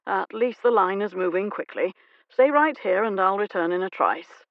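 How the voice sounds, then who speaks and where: A man's voice: sits high, normal speed, no room sound, phone-quality sound. A woman voicing an older male servant posing as a baron, speaking guardedly. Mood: wary. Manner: guarded and wary.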